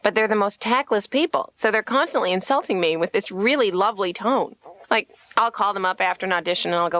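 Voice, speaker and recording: A woman comedian talking to her therapist, telling deadpan jokes and slipping into quick put-on voices. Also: medium pitch, no room sound. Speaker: patient, comedian. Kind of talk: stand-up style monologue in a cartoon.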